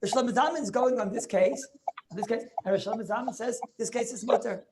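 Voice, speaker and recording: This man speaks at an extremely high pitch and very quickly, with heavy background noise. He's arguing a Talmudic point in a video-call Torah class, eager, often restarting his sentences and checking in with "right?".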